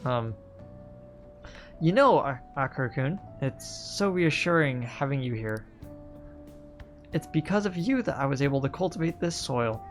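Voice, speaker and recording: A man's voice: medium pitch, expressive, normal speed, long pauses, faint music behind, close to an everyday voice. A man doing a polite young heiress, English accent. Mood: sincere. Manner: polite, soft-spoken and sincere. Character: gentle, earnest young woman heiress. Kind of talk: reading game dialogue aloud.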